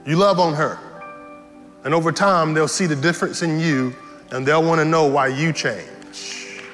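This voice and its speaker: A male pastor preaching a sermon in a church, animated and humorous, repeating key lines for effect. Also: fairly high pitch, unhurried. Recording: reverberant hall with faint music.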